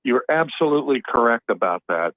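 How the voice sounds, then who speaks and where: A man's voice: mid-range voice, animated, a little fast, no room sound. Male caller, blunt, dry tinny phone audio. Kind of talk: call-in talk.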